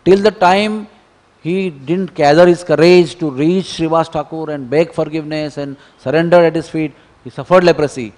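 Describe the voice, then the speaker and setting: A man giving a devotional scripture lecture in a temple, telling stories and moving between hushed and emphatic delivery. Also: on the high side, steady tone, normal speed. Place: temple hall. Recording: long temple hall reverb.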